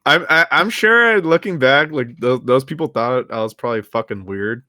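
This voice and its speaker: Young male co-host, blunt, sweary, dry close sound, mid-pitched voice. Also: moderate pace, sharp tone, no echo. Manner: blunt, swears freely, laughs along. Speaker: podcast co-host. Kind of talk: casual podcast chat.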